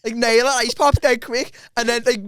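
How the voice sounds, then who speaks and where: A man's voice: extremely high pitch, little pitch movement, normal speed, clear, resonant tone, no echo. A young man, co-host of a comedy podcast, laughing through his own sweary work anecdotes. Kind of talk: casual comedic storytelling chat.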